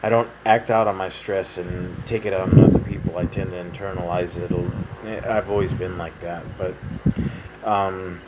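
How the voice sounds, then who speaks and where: Rambling man with a low voice. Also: fairly even intonation, moderate pace. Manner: rambling, many fillers and restarts. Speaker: vlogger. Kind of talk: casual personal update. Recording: noisy home recording.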